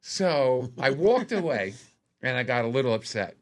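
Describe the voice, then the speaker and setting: Animated New man telling stories. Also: medium pitch, normal speed. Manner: animated storyteller, acts out quotes in a raised voice. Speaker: comedian guest. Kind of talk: casual storytelling on a podcast.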